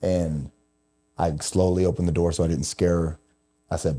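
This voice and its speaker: A middle-aged man talks through a personal story as a podcast host. His voice sits low and dark, and his delivery is confessional and emotional, with plenty of casual swearing. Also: flat delivery, moderate pace. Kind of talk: candid conversational storytelling.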